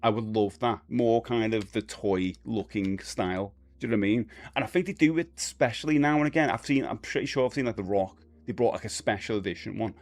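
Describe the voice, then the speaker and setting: Speaking fairly quickly with few pauses, this Cockney Londoner in his forties has a fairly low, slightly mellow voice. He's hosting a live stream, chatting loosely and reading viewer comments, full of fillers and false starts.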